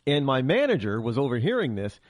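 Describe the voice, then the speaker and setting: A man's voice: mid-range voice, fairly quick, no room sound. Sarcastic male talk show host, dry studio sound. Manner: animated, sarcastic, many restarts. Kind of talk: opinionated monologue.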